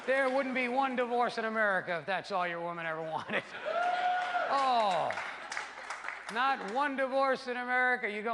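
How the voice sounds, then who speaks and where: A man doing a stand-up routine, animated and crude, acting out voices for his punchlines on a live stage. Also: very high voice, normal speed. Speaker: stand-up comedian. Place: theater stage before a laughing audience. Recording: live stage with long reverb and loud noise.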